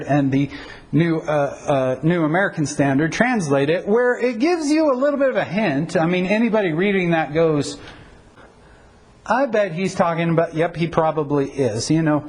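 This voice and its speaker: A man's voice: a little high, poor audio. A middle-aged man pastor giving an informal teaching talk on Bible translation, conversational and wry, stopping often to correct himself. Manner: conversational, self-correcting, uses anecdotes and wry humor.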